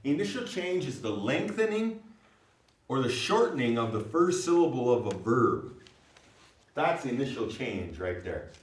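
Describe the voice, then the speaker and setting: An unhurried man with a mid-range voice runs a language class, lively as he patiently explains and checks in on his students' understanding. The recording is distant, with room echo.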